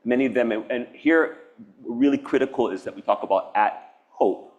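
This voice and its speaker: A man's voice: mid-range voice, normal speed, darkish tone, lo-fi sound. A man from Hawaii giving a public artist talk, reflective and earnest, wandering between thoughts with restarts and laughs. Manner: meandering, nonlinear, with frequent restarts and laughs. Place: university event space.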